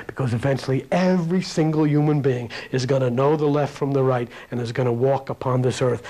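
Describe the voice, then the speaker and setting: A man preaching a sermon in a folksy, plain-spoken way, swinging between loud emphatic peaks and quiet asides. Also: medium pitch, poor audio.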